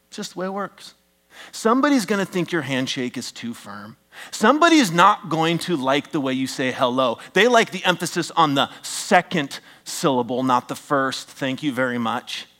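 A middle-aged male pastor with a fairly high voice preaches a sermon, animated and joking with his congregation. He swings from loud, emphatic bursts down to hushed near-whispers.

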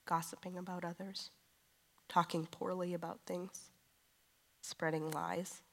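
A woman in her thirties preaching a sermon in a conversational way, moving from quiet confession to emphatic declaration. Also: low voice.

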